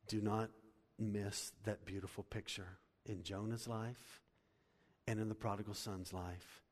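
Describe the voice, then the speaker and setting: A middle-aged male pastor preaching a sermon, animated, swinging from loud to hushed. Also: lowish voice, unhurried. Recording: long hall reverb.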